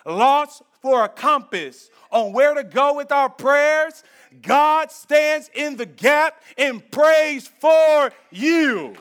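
Casting: a pastor with an unusually high voice, conversational preaching in a church. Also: male voice, slow. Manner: conversational preaching, swings between loud emphasis and hushed intensity. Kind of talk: sermon.

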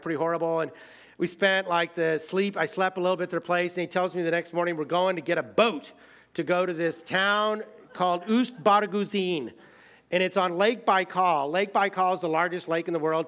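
An American man telling a personal travel story in a casual way, full of fillers, swinging between excited outbursts and quiet, hushed moments. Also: high-pitched. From United States.

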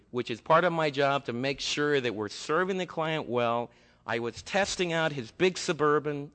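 A man preaching a sermon, telling a story in a lively, conversational way to his congregation. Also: medium pitch, long reverb tail. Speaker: pastor.

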